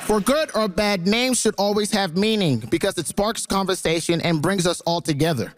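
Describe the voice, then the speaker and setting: A man's voice: on the high side, expressive, quick pace, hardly any pauses, a little hiss or hum. A man from Canada making a chatty, self-mocking comic argument on a theatre stage. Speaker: comedian debater. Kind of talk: stand-up argument. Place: theatre stage before a live audience.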